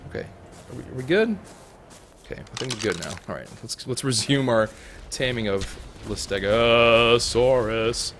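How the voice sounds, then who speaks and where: A young man commenting on his own gameplay with a jumpy, animated voice that leaps high when things go wrong. He jokes and talks to the creatures on his screen. A faint hum of ambience sits under him. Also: brisk, vocal fry. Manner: excitable, jokey, talks to the animals. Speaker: gaming YouTuber. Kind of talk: let's play commentary.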